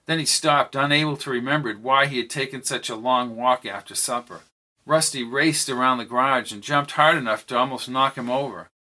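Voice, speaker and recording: Man narrating a novel, bright tense voice, middle pitch, storybook reading. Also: a little fast. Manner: reads dialogue with lifted pitch for characters. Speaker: audiobook narrator.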